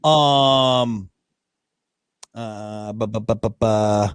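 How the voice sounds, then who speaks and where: A man's voice: on the low side, fairly even intonation, drawn-out words, clear, resonant tone, no echo. A middle-aged man co-hosting a podcast in casual chat, rambling and trailing off, often laughing. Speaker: podcast co-host.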